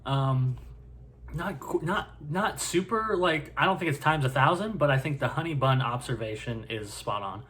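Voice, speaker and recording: A man's voice: medium pitch, animated, normal speed, fairly bright tone. A man casually reviewing food on camera, rambling with many fillers and repeating himself as he corrects his words.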